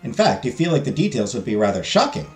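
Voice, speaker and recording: A man's voice: medium pitch, sing-song, fast. A man streaming a story game, reading the narration aloud and joking playfully about the voices he does. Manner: playful, laughs at his own voices. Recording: roomy echo with faint game music.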